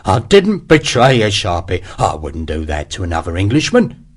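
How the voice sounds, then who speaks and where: A man's voice: deep voice, huge pitch swings, normal speed, pitched below the performer's own voice, full character voice. A man voicing a cowering, treacherous army sergeant who pleads and screams for his life. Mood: pleading.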